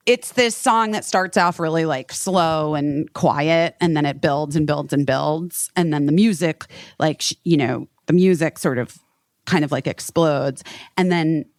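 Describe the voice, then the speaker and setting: A woman's voice: low voice, no echo, studio quality. A woman hosting a podcast in casual chat, rambling with lots of fillers and frequent swearing. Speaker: podcast host.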